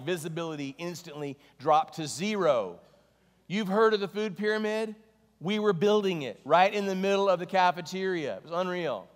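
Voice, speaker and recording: A man preaching with a fairly high voice and lively, storytelling energy. He mixes scripture reading with jokey asides. His voice rings out with the long reverb of a large hall. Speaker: pastor. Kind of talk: sermon.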